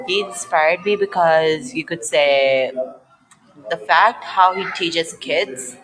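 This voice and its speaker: Young interview guest, chatty. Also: male voice, a little high, rough recording. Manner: chatty, leans on fillers like "so yeah" and "specifically". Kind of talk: casual interview answers. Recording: crowd noise behind the voice.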